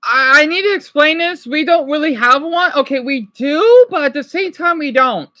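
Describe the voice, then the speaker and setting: Bright high-voiced woman streamer. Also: animated, normal speed, no room sound. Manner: chatty, answers viewers' comments aloud. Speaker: livestreamer. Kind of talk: casual livestream chat, reacting to a video.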